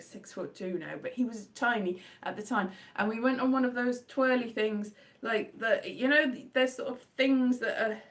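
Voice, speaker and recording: Rambling, high-voiced woman streamer. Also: distant mic. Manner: rambling, anecdotal, with many restarts and self-corrections; animated, jumps into high-pitched acted exclamations. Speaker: live streamer. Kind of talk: casual live stream chat.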